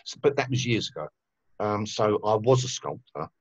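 A man's voice: fairly low pitch, expressive, normal speed, slightly rough, dry recording, lo-fi sound. A man, a guest telling rambling stories with lots of fillers and swearing in a casual conversation. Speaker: guest musician.

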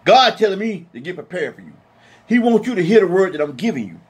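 A man teaching from the Bible in an emphatic, colloquial sermon, slowing down to read scripture. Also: high voice, sing-song, breathy edge. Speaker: preacher.

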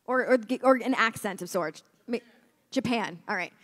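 A woman moderates a convention panel, playfully bossing the panelists through an improv game. Her voice is a little high. She speaks with quick, lively prompting.

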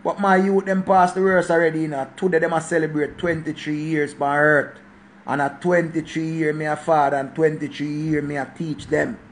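A Jamaican man in his forties holds forth in a casual monologue rant, his voice sitting high for a man. He is preachy and emphatic and hammers each point by saying it again. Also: flat delivery, moderate pace, a little hiss or hum. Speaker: channel host.

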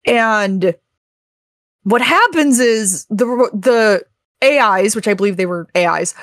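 Animated young woman recapping a game. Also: a little high, measured pace, no room sound, clean studio sound. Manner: animated storytelling, full of fillers and swearing. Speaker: podcast co-host. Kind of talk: casual chat recapping a video game.

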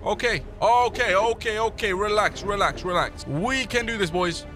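A male streamer giving excitable gaming livestream commentary, talking to his chat and shouting when he panics. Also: high voice, normal speed, faint music behind.

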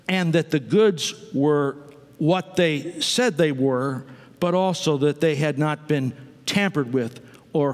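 Pastor guy giving a sermon, talks slow and chatty with the crowd, echo off a big church room. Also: on the high side. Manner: conversational preaching with asides to the congregation. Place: church sanctuary. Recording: long reverb of a church sanctuary.

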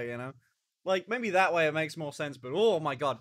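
A man's voice: fairly high pitch, animated, moderate pace, music in the background. A man streaming live in casual chat, joking, swearing and eating on camera. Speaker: livestreamer.

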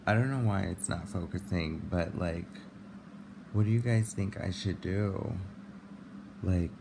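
Vlogging to camera in a flamboyant, panicky, dramatic style, this man has a low voice with vocal fry and a slightly slow delivery. The talk is casual, and the recording is noisy with constant background noise.

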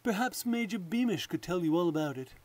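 A man voicing a scheming courtier lord who talks in a smooth, falsely courteous way. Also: sits high, expressive, a little fast, a little mellow, no room sound. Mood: sly.

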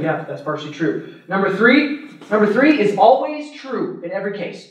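A male priest giving an adult formation talk, lively and often laughing as he tells stories. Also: high voice, a little fast. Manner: animated, laughs while telling stories. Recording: echoey room, mic far off.

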